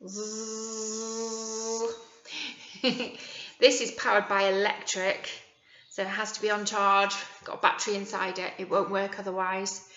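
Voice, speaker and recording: A woman teacher with a British accent leading a young children's phonics lesson, modelling words slowly and encouragingly. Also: mid-range voice, flat delivery, sharp tone. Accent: British English. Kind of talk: early years phonics lesson. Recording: echoey room, dull lo-fi sound.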